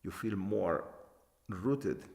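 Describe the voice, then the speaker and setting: A man giving a spiritual talk as a teacher, halting and repeating short phrases for emphasis. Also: low-pitched, expressive, vocal fry, a little mellow. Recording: long hall reverb.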